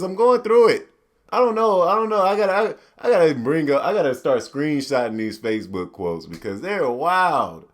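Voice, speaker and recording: A man hosting a podcast, ranting casually in a profane, animated way and slipping into mock quotes. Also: a little high, measured pace. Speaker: podcast host. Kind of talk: solo ranting commentary.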